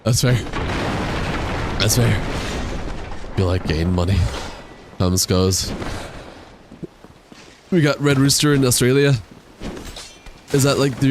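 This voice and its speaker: A man's voice: mid-range voice, unhurried, pauses often. A young man with the hiccups, chatting casually and slangily with his viewers while he plays a game. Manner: slangy, reads viewer chat aloud and answers it. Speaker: game streamer. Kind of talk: casual live-stream chat while gaming. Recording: game sounds and explosions behind voice. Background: loud game noise, artillery fire.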